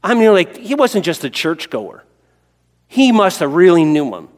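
A man preaching a sermon as pastor, animated, swinging between loud bursts and hushed storytelling. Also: high-pitched, moderate pace, big-room sound.

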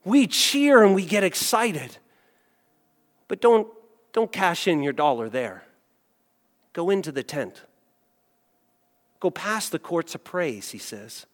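A man preaching a sermon as a pastor, telling a story with animated acted-out voices. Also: high voice, takes it slowly, pauses often, big-room sound.

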